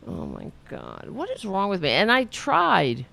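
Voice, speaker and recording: A middle-aged woman host talks in a loose, rambling way, cursing and poking fun at herself. Her voice is gravelly and swings up and down a lot, and she takes her time. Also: mid-range voice, wildly swooping pitch, measured pace, fairly bright tone. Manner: rambling, swearing, self-mocking, talks to the chat. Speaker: podcast host. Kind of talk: casual self-deprecating chat after an interview.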